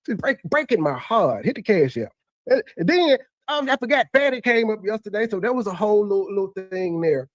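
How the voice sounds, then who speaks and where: A man's voice: high-pitched, big pitch swings, a little fast, no room sound. A man hosting a casual reaction commentary, talking in looping, stammering restarts. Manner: repetitive stammering restarts, conversational. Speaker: commentary host reacting to a replayed clip.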